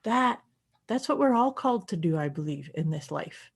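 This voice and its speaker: A woman's voice: fairly low pitch, animated, moderate pace, breathy edge. A woman co-hosting a casual podcast chat, affirming and agreeing readily. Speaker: podcast co-host.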